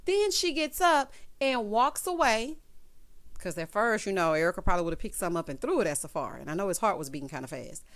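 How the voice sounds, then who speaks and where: A woman giving a sassy, animated recap of a reality TV episode, full of slang and asides to her viewers. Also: mid-range voice, quick pace. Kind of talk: casual recap commentary.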